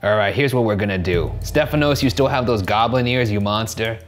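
A man's voice: lowish voice, brisk. A man in his thirties, a player in a tabletop game, eager and playful, laughing easily.

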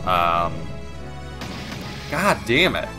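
Guy rambling and cussing through a let's play, self-mocking jokes, game music going loud behind him. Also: low voice, very animated, drawn-out words. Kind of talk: casual gameplay commentary.

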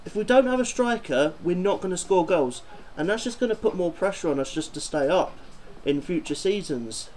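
A man's voice: sits high, expressive, moderate pace, few pauses, darkish tone, a little hiss or hum, poor audio. A man doing a football fan video, ranting and swearing in exasperation about his team.

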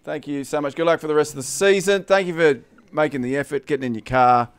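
A man's voice: a little high, quick pace, clear, resonant tone. A man hosting a casual chat show, upbeat, moving the talk along and reading out scores. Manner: upbeat, running the segment. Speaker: show host.

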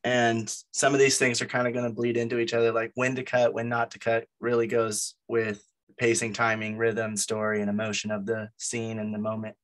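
A man's voice: medium pitch, monotone, a little fast, fairly bright tone. A man who is losing his voice, leading a group meeting in a loose, conversational way with plenty of fillers. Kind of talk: casual explanatory talk.

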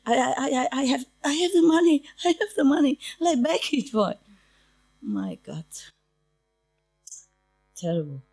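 A woman teacher speaks to her disciples in a relaxed, humorous lecture, with a fairly low voice. Her English is non-native and simply built, full of quick asides. The sound is close and dry, with no room around it. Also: no echo. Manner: chatty and humorous, laughing between asides. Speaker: spiritual teacher addressing disciples. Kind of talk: informal spiritual lecture. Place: meditation centre lecture.

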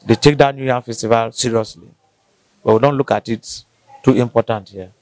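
A man with a Nigerian accent answering interview questions, halting and restarting as he searches for words. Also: mid-range voice, steady tone, a little mellow. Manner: halting, restarts often, slow to find words. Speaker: interviewee from the local community.

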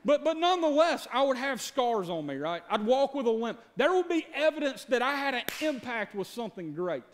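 A man with a strikingly high-pitched voice delivers a sermon from the pulpit. He preaches in a folksy, storytelling way, speaking directly to his congregation. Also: big pitch swings, a little fast. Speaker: pastor.

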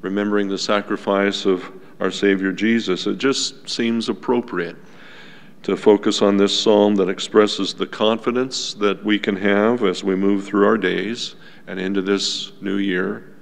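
Slow, gravelly-voiced male pastor. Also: on the low side, fairly even intonation. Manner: unhurried, gentle teaching tone with asides to the congregation. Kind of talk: sermon. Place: church sanctuary. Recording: long church reverb.

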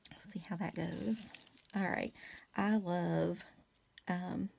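A woman chatting casually to her viewers while she crafts, rambling with many fillers and soft asides. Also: on the low side, steady tone, slow pace, vocal fry, husky. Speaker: craft vlogger.

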